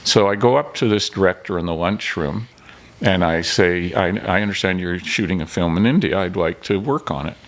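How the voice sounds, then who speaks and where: Speaking at a moderate pace in a voice that sits low, an older man from Canada tells stories as a guest on a podcast. He's a filmmaker and an animated storyteller, performing the dialogue himself in a relaxed interview.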